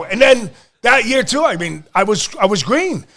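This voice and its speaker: High-voiced middle-aged man telling stories. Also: brisk, hardly any pauses. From Lehigh Valley, Pennsylvania. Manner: animated, profane storyteller who acts out quotes. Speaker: podcast host. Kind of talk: casual podcast storytelling.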